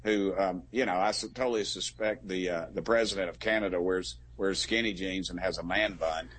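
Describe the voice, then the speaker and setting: A middle-aged man, a congressman in a political interview, folksy and quick to get worked up. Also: deep voice, steady tone, a bit bright, a little hiss or hum. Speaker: congressman guest.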